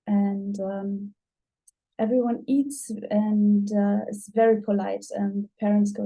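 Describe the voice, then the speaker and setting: A woman narrating her turn in a tabletop role-playing game, unhurried and full of fillers. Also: medium pitch, fairly even intonation, warm tone, low-quality recording. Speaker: player.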